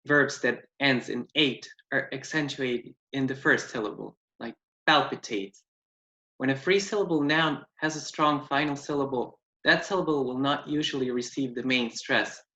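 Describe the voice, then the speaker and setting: A man's voice: medium pitch, normal speed, sharp tone. A man giving a class presentation on phonetics, explaining terms and reading out lists of example words. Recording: dull, echoey room sound.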